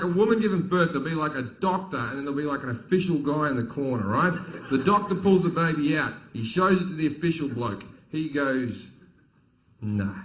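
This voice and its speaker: A brash man working a live crowd on stage, his voice bright and forceful and sitting a touch high. He talks bluntly and swears freely, as a stand-up comic does. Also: a little hiss or hum, rough recording. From Australia. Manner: profane, blunt, swaggering delivery with acted quotes. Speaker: stand-up comedian. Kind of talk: stand-up comedy storytelling. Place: live comedy venue with audience.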